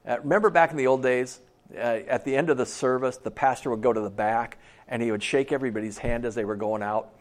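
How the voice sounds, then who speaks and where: A man preaching a sermon as a pastor. He talks in a conversational way and acts out the people he quotes in a lower, quieter voice. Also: quick pace.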